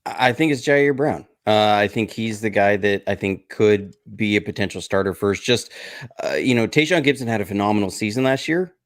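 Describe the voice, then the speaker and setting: A man appearing as a guest on a casual sports podcast, talking hesitantly and filling pauses with "uh" and "you know.". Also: lowish voice, dry recording, clean studio sound. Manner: hesitant, lots of fillers. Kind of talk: casual chat.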